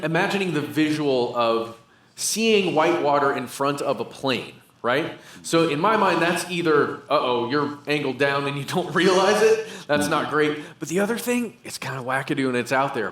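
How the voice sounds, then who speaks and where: A man's voice: fairly high pitch, animated, moderate pace, fairly bright tone. A man co-hosting a podcast, chatting playfully in front of a live audience. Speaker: podcast co-host. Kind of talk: casual chat before a live audience. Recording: roomy live venue.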